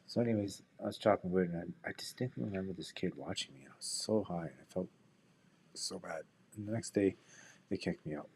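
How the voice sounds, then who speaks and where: A man's voice: sits low, a little fast, darkish tone, a little hiss or hum. A man rambling through casual trading commentary and personal stories, swearing freely and dropping into whispered asides to himself. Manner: drops into whispers. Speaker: day trader.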